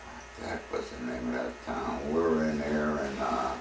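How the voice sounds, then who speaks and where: A man's voice: extremely low pitch, steady tone, moderate pace. A man in his seventies, a war veteran, telling old stories in a rambling way and chuckling between them. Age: 70s. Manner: rambling storyteller who chuckles between anecdotes. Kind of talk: recounting war memories. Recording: echoey room with distant mic and faint noise.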